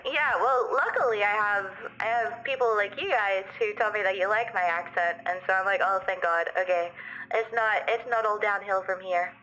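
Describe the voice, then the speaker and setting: A woman's voice: mid-range voice, moderate pace, bright, forceful tone, low-quality recording. A young Australian woman streaming as a VTuber, chatting casually and rambling with frequent restarts. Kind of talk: casual livestream chat.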